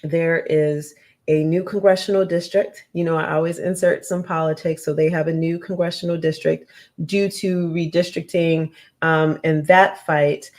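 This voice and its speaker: A woman's voice: sits low, fairly even intonation, moderate pace, a little mellow. A woman hosting a talk show, chatting casually with her listeners and repeating points for emphasis. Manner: chatty, addresses listeners as "y'all", emphatic repetition. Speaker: host.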